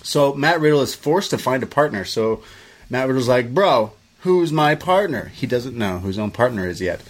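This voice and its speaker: A man's voice: mid-range voice, brisk. Casual American man riffing on wrestling. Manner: loose and profane, drifts into side rants. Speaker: podcast co-host. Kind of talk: casual wrestling review chat.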